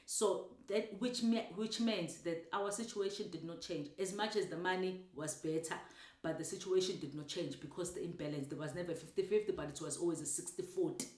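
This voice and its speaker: A woman's voice: on the low side, a little fast, a little mellow, roomy sound. A woman with a South African accent telling a personal story of faith, emotional and repeating herself often. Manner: emotional, repetitive, mixing in isiZulu words. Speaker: speaker sharing a personal story. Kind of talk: personal testimony.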